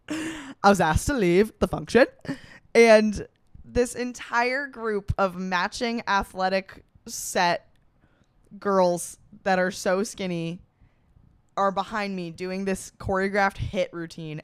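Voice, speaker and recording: A young woman spins a self-mocking comic story for her podcast, brash and quick to swear. Her voice is smooth and clear, recorded close and dry with no room around it. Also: dry recording. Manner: animated, jumps up in pitch for quoted voices. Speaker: podcast host.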